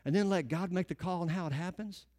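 A man's voice: high-pitched, quick pace, a little mellow. A middle-aged man preaching a conversational sermon to a church congregation, often putting questions to the listeners. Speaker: pastor.

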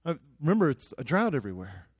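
A man's voice: on the high side, sing-song, quick pace, husky, no echo. A young man preaching a sermon, telling the story with jokes and acted-out quotes. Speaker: pastor.

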